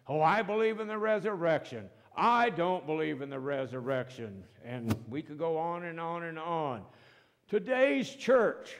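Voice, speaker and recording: Slow, emphatic male pastor preaching. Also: a little high. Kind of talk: sermon. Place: church sanctuary. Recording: long reverb of a church hall.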